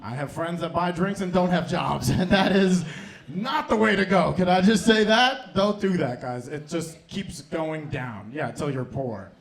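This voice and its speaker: A man's voice: on the high side, a little slow, creaky. Profane young man doing stand-up. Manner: loose, profane, laughs at his own lines. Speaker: stand-up comedian and host. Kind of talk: stand-up comedy set. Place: comedy club stage.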